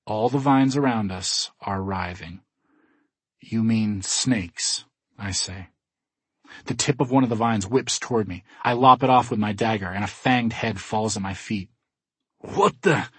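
A man narrating a first-person audiobook in a wry, low-key way. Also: husky, no echo.

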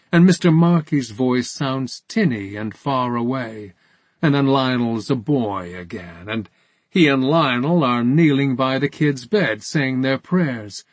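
A man reading a story aloud in a measured, calm narration. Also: medium pitch, dry recording. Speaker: audiobook narrator. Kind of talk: scripted narration.

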